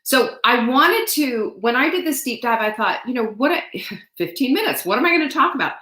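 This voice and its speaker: A woman's voice: a little high, fairly bright tone, roomy sound, low-quality recording. Chatty, teary woman hosting a live sale. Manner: chatty, rambling, emotional, with many fillers and restarts. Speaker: livestream host selling supplements. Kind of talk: casual live sales chat. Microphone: streaming from home.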